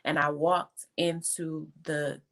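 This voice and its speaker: Guest: fervent woman with a low voice, emotional testimony, close to tears. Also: little pitch movement, takes it slowly, a bit bright. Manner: fervent, faith-filled, tearful. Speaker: guest entrepreneur.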